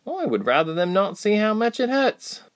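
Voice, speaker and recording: A man's voice: high voice, very animated, normal speed, pitched above the performer's own voice. A man voicing a fierce, fire-wielding young woman warrior who talks curtly and commands others. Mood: guarded.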